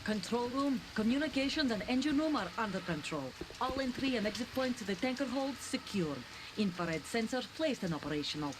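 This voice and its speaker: A woman voicing a crisp female soldier. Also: a little high, expressive, fairly quick, lightly acted. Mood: formal. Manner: crisp, formal status reports. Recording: game audio with rain noise.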